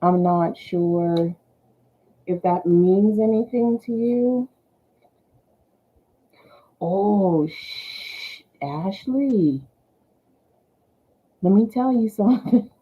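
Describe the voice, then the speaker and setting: A woman's voice: medium pitch, extremely slow, pauses often, slightly rough. Giggly Southern woman reading tarot. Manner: chatty, giggly, thanks the angels softly. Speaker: tarot reader. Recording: tinny phone-like sound.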